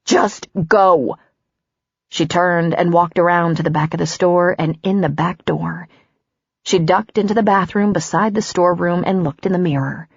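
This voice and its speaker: Female audiobook narrator, measured and even, husky and lower-pitched. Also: dry recording, highs cut off. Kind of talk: scripted narration.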